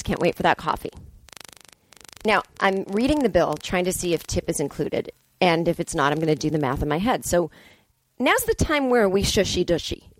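In a hotel room, a woman with a fairly low voice hosts a solo comedic podcast, recorded dry. She tells an exasperated story, acting out both sides of the conversation and dropping blunt, profane asides.

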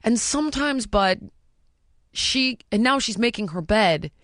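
A woman's voice: on the high side, animated, measured pace, a bit bright, no echo, clean studio sound. A middle-aged woman hosting a podcast, talking candidly and bluntly in casual chat, cursing freely. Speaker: podcast host.

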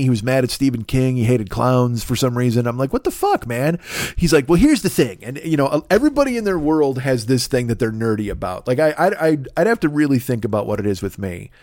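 A man's voice: lively intonation, a little fast, hardly any pauses, darkish tone, dry recording, clean studio sound. Rambling, foul-mouthed middle-aged man. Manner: rambling, swears constantly, jumps to high exasperated outbursts. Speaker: podcast host. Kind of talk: profane comedic rant.

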